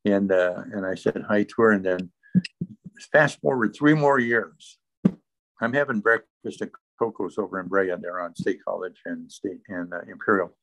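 A man's voice: low voice, normal speed, a bit bright, rough recording. A man sharing his recovery testimony as an interview guest, telling the story earnestly and in close detail.

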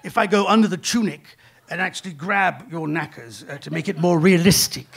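A man voicing a gruff older actor who speaks bluntly and deadpan. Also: on the high side, brisk, a little hiss or hum.

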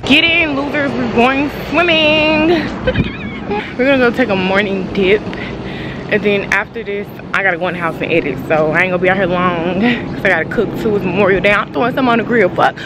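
A young woman vlogs in loose, profane, chatty talk, aimed right at her camera. Her voice sits at an everyday middle pitch. Clear street and traffic noise runs behind her. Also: fast, a crowd in the background. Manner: swears a lot, talks straight to the camera. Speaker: vlogger. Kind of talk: casual vlog chat.

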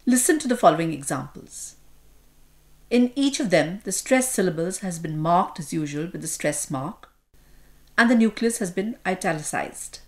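A woman's voice: on the low side, animated, normal speed, a little mellow. A woman with an Indian English accent narrating a scripted lesson on pronunciation in a formal, explanatory manner. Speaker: course narrator.

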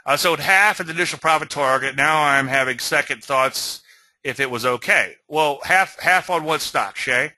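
A man hosting a weekly market commentary, talking straight to his viewers in an animated, conversational way and checking in with a frequent "okay?". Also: fairly high pitch, moderate pace, no room sound, low-quality recording. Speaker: host of a weekly market chart show. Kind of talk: webinar-style trading commentary.

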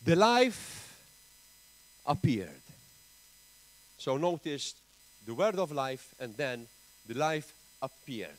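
A man with a Maltese accent preaching a sermon in church, emphatic, with big swings in pitch and loudness. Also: sing-song, slow pace, pauses often, poor audio. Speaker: pastor.

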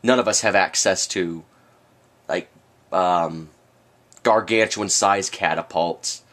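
Speaking slowly in a deep yet fairly bright voice, a man rants sarcastically and at length into the camera, erupting now and then. This vlogger's monologue is interrupted by hiccups.

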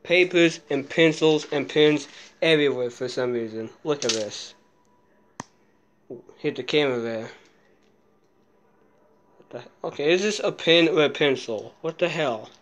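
A man filming a casual handheld vlog, jittery and muttering to himself, swearing often, sometimes dropping into soft baby talk to a cat. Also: on the high side, measured pace, long pauses. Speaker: vlogger.

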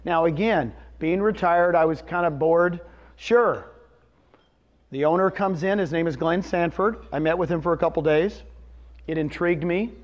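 A man's voice: on the high side, moderate pace. A man in his fifties giving a presentation to a live audience, telling a personal story and asking the room questions. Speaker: real estate presenter. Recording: dull lo-fi recording.

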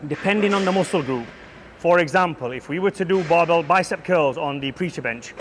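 Blunt profane man coaching in a gym, slightly higher voice, faint background hum. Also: a bit bright. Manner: brash, profane, lecturing. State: out of breath between sets. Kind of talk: blunt gym tutorial with heavy swearing.

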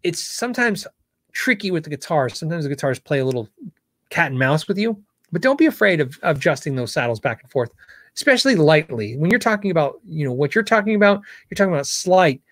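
A man's voice: a little high, big pitch swings, fast talker, a bit bright, no echo, studio quality. A middle-aged man hosting a casual live Q&A show, explaining guitar setup in a conversational way as a guitar tech.

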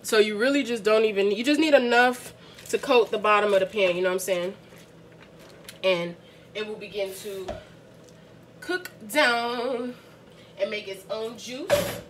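A woman's voice: mid-range voice, unhurried, pauses often, slight background noise. A young woman from the Bronx, chatting casually to viewers as she cooks dinner in her home kitchen, laughing often. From the Bronx, New York. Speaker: family vlogger cooking dinner. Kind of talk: casual cooking vlog chat.

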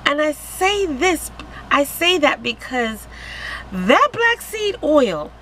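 A woman's voice: high-pitched, big pitch swings, slow, fairly bright tone, slight background noise, low-quality recording. Hyped, giddy woman vlogger. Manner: hyped, giddy, laughing, exclaiming. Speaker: vlogger selling wellness products. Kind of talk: excited casual vlog to camera.

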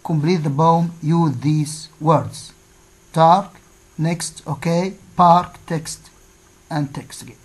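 Slow, deliberate woman teacher. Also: low-pitched, poor audio. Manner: slow, deliberate, pausing after each answer. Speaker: English teacher. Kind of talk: classroom lesson, reading exercise answers aloud.

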